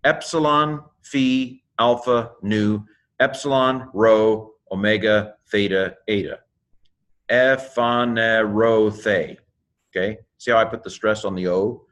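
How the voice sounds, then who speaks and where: Man spelling out Greek letters slowly. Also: lowish voice, fairly even intonation, a bit bright. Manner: spells out Greek letters one by one, with many fillers and self-corrections; quick asides to the viewer. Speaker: Greek teacher. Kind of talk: casual video lesson.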